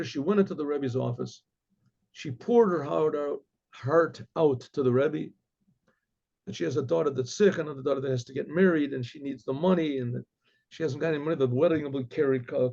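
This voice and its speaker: A rabbi spins a story in a loose, rambling way, backing up and clearing his throat as he goes. His voice sits fairly high but is gravelly, husky and mellow in tone. The recording sounds dull and lo-fi. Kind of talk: casual oral storytelling.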